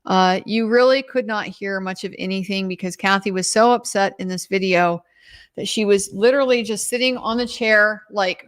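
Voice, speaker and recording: A woman's voice: mid-range voice, normal speed. Chatty woman recapping a trial. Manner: chatty, with restarts and "like" quotes. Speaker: trial commentator. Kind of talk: casual recap.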